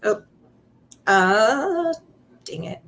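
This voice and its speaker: A woman's voice: medium pitch, very animated, drawn-out words, vocal fry, a bit bright. A woman joining a casual livestream as a guest, hesitant and full of fillers as she reads out a screenshot. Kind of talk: casual chat.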